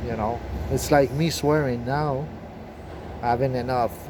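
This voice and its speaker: A man's voice: medium pitch, a little mellow, slight background noise. Rambling French-accented man, swearing. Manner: profane and agitated, with halting restarts. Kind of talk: rambling spoken monologue.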